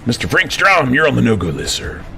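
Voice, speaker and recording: With faint music in the background, a drawling vlogger in command sergeant major persona preaches a heated, sing-song rant into his camera from an office, fairly quickly. The bright, edgy voice has a gravelly fry, its pitch leaping and diving as he stammers through restarts when worked up, and he keeps addressing "friends."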